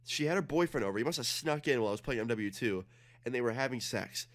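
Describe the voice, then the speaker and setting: A man's voice: mid-range voice, expressive. A young man streaming a game, telling a story in a casual, profane way and acting out the dialogue. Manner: fast, profane, acts out dialogue. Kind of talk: casual storytelling while gaming.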